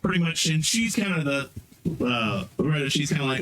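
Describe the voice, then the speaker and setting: A man's voice: lively intonation, moderate pace, a bit bright, slight background noise, poor audio. A man running a tabletop fantasy game as game master, narrating casually and rambling as he describes the scene. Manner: casual, rambling, jumps into high-pitched voices for characters.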